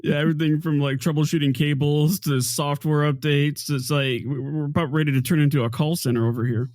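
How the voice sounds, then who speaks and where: A man's voice: on the high side, fairly even intonation, fairly quick, darkish tone, dry recording, studio quality. A man co-hosting a podcast, joking around casually and giggling often. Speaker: podcast co-host and editor.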